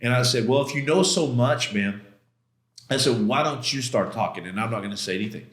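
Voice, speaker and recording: A man's voice: mid-range voice, a little fast, a bit bright. A man being interviewed as a podcast guest, telling a personal story in a casual, slangy, emphatic way and acting out his own past outbursts. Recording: roomy echo.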